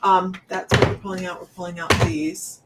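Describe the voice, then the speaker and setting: A woman with a low-leaning voice and little pitch movement talks at a normal speed over very noisy audio. Hosting a psychic livestream, she's slightly out of breath and rambles loosely, keeping a casual, chatty flow aimed right at her viewers.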